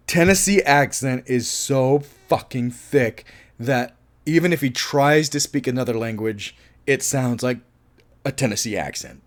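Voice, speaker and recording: A man reviewing a film in a casual monologue. He is enthusiastic, laughs often and swears freely. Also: on the high side.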